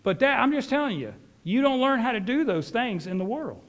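A man's voice: extremely high pitch, big pitch swings, brisk. A middle-aged man, preaching a sermon as a folksy, rambling storyteller.

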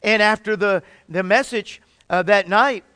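A fervent male preacher with a high, smooth, resonant voice. He often restarts his phrases and stretches his key words slowly. The sound is close and dry. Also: bright, forceful tone, no room sound. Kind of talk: sermon.

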